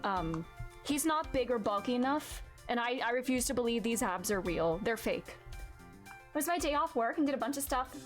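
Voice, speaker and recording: A woman's voice: on the high side, lively intonation, normal speed, soft background music. A young woman streamer chatting casually while playing, with plenty of filler words. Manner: chatty, lots of "like". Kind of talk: casual gaming commentary.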